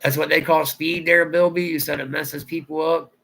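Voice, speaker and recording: Gravelly, raspy man with a Southern drawl. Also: on the high side, level tone, normal speed, sharp tone, rough recording. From Ohio, USA. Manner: rambling, answers viewer comments aloud. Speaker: livestream host. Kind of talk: casual livestream chat.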